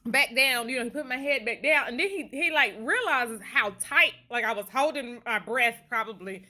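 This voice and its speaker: A woman's voice: on the high side, normal speed, pushed and bright. A woman vlogger telling a funny story casually to the camera, laughing often, recorded on a handheld phone.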